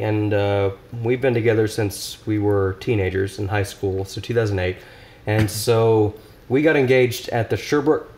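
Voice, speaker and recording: A man's voice: on the low side, a little mellow, a little hiss or hum. A young man guesting on a podcast, talking casually, rambling with lots of restarts and laughter. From Nashville area, US. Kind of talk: casual chat.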